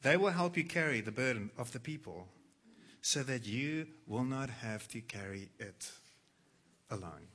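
A man preaching a sermon, reading scripture aloud and moving between hushed, quiet passages and loud, emphatic quoted lines. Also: mid-range voice, animated, measured pace. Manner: dramatic, swings from hushed to loud when quoting scripture. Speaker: pastor.

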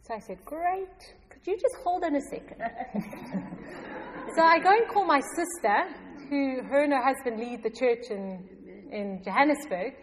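A middle-aged woman telling a personal faith story to a congregation, animated and often laughing. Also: high voice, unhurried. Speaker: church member giving testimony. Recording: long hall reverb.

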